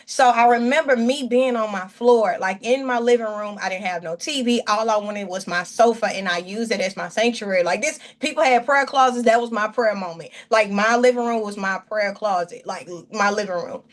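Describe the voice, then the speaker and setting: A woman's voice: medium pitch, normal speed, few pauses. A woman pastor speaking earnestly and from the heart as a guest, sharing her testimony in a casual chat, often rambling and restarting her sentences.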